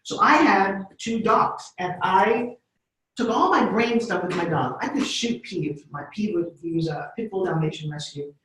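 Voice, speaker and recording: The voice of a middle-aged woman who tells stories with lively energy, slipping into little voices as she goes. It sounds very echoey, as if she is standing well away from the mic in a big bare room. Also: mid-range voice, moderate pace, far from the mic. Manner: animated, acts out voices. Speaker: speaker. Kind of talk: storytelling talk.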